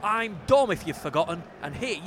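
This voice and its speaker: Bloke, slightly high voice, joking around on a footy podcast, loud crowd-ish noise behind. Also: male voice, normal speed. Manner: jokey, excitable banter. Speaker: podcast co-host. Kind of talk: casual football podcast chat. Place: stadium press box.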